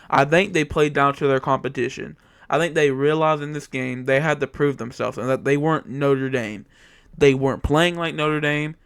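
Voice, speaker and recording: A man's voice: on the high side, fairly bright tone, clear, resonant tone, dry recording, studio quality. A young man giving a heated, repetitive opinion monologue about his football team as a channel host. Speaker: sports commentator. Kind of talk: casual sports opinion monologue.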